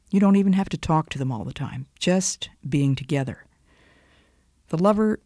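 A woman giving an earnest, expressive devotional talk, dropping now and then into soft whispers. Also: sits low, no room sound, clean studio sound. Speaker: devotional speaker.

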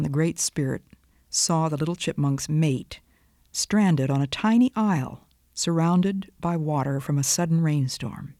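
A woman giving an earnest, expressive devotional talk, dropping now and then into soft whispers. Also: low-pitched, no room sound, studio quality. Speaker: devotional speaker.

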